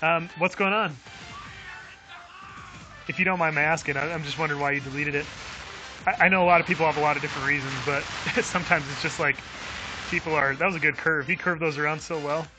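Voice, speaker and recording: A man's voice: fairly high pitch, fairly even intonation, fast, pauses often, music in the background, low-quality recording. A man live-streaming a game who reads viewer chat aloud, chuckling often and talking in a friendly, chatty way.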